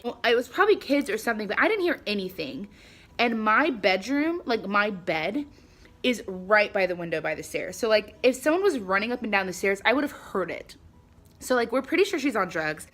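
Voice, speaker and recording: A young woman telling a casual storytime vlog at home, chatty and animated, acting out the people she quotes. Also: medium pitch, a little fast. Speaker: vlogger. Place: her home, at a table by the front door.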